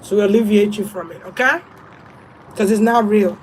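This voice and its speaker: A woman's voice: medium pitch, moderate pace, darkish tone, a little hiss or hum, rough recording. Blunt, profane woman giving spiritual advice. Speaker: tarot reader.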